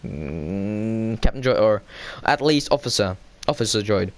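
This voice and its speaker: A man's voice: on the low side, measured pace. Hesitant man recapping an episode. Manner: hesitant, heavy fillers and self-corrections; excitable, laughs while retelling scenes.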